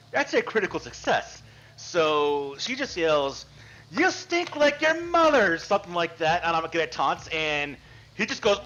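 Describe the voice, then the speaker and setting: Lively bright-voiced male game master. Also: on the high side. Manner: animated, rules-explaining narration. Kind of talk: narrating a tabletop game. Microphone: video call. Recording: dull lo-fi mic.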